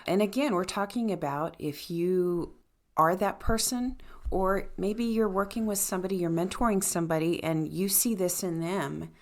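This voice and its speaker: Lower-voiced woman co-hosting a chat. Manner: warm backchannels, quick to laugh, emphatic. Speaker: podcast co-host. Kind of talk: casual mentoring chat.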